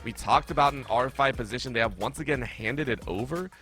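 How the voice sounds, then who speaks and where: Upbeat male play-by-play caster, middle pitch, bright forceful tone, chatty live delivery. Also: faint music behind. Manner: upbeat, chatty, quick to laugh. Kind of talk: live esports commentary.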